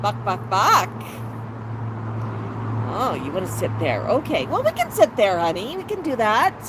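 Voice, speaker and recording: A woman's voice: fairly high pitch, wildly swooping pitch, fairly quick. A woman hosting a casual livestream with her pet bird, cooing baby talk to it and chatting with viewers. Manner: coos baby talk to the bird and reads out chat comments. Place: outdoor patio. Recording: outdoor traffic noise. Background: passing cars.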